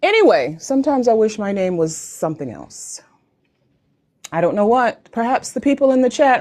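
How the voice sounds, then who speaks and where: A talkative American woman in her forties hosts a live online town hall over a video call. She chats and jokes her way along in a fairly high voice, swinging her pitch up and down. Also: very animated, moderate pace, darkish tone. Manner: chatty, joking, rambling. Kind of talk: casual livestream chat.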